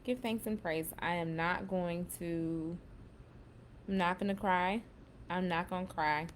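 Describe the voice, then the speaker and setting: A woman's voice: on the low side, steady tone, a little slow, a little hiss or hum. A woman hosting a casual self-help talk, chatting loosely and reading out affirmations with emphasis. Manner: chatty, reads affirmations with emphasis, says "baby" and "y'all". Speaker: spiritual self-help host.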